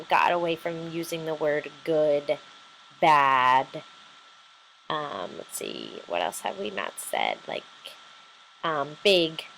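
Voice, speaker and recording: A woman's voice: lowish voice, a little hiss or hum, poor audio. A woman teacher giving a recorded lesson, explaining patiently step by step with many fillers.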